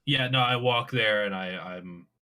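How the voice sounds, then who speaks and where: A man's voice: lowish voice, unhurried, pushed and bright. A young man playing a tabletop game in a laid-back, blunt way, swearing casually. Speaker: player.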